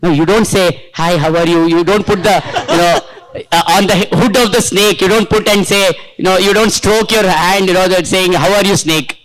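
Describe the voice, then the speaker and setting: A man with an Indian accent leading a teachers' workshop, talking in an animated, coaxing way and drawing in the participants, into a handheld mic. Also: high-pitched, moderate pace, few pauses, low-quality recording. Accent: Indian English. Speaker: teacher trainer. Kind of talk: workshop lecture. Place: training workshop room.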